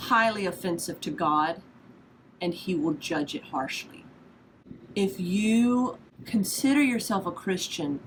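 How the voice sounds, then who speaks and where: Woman in her 30s just chatting about faith, storytelling, laughs at herself, bit of hiss behind. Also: fairly low pitch. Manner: chatty, self-deprecating storyteller who laughs easily. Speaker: podcast host. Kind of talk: casual devotional talk.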